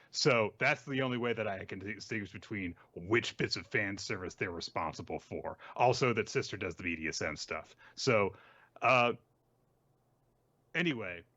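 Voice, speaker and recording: A man's voice: on the low side, pushed and bright, lo-fi sound. A man co-hosting a podcast, talking casually and thoughtfully with lots of fillers. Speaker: podcast co-host. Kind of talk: casual critical chat.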